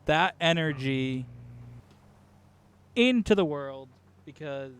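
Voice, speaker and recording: A man's voice: fairly high pitch, animated, slow pace, clean tone. A man chatting casually while gaming, teasing his friend and laughing often. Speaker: gamer.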